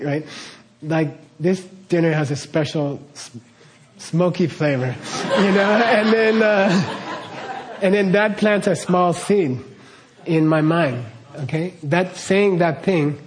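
A middle-aged man giving a casual spoken teaching talk, chatty, often laughing and checking in with "okay?". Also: a little high. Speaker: teacher of karma ideas.

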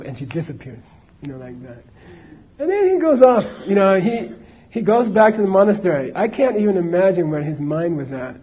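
A man's voice: high-pitched, big pitch swings, a little fast, lo-fi sound. A man giving a casual Buddhist dharma talk, telling a story conversationally with many asides to his listeners. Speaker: Buddhist teacher.

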